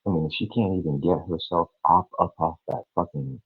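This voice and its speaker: A man's voice: deep voice, fairly quick, few pauses, slightly rough, no room sound. A man on a livestream, ranting in a sarcastic, mocking and profane way. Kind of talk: livestream rant. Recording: tinny phone-like, dry.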